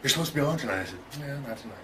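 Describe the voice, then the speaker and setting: A man's voice: medium pitch, animated, very fast, a bit bright, a little hiss or hum, rough recording. A middle-aged man telling a story in an interview, loose and profane, chuckling and acting out both sides of an argument. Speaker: interview guest.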